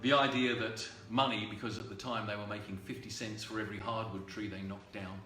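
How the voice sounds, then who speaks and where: Singer-songwriter telling an unhurried story. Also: male voice, lowish voice, fairly even intonation, sharp tone, echoey room, far from the mic, faint music behind. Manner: unhurried, halting storytelling with many ums and uhs. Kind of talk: anecdote before a song at a livestreamed concert. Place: at home.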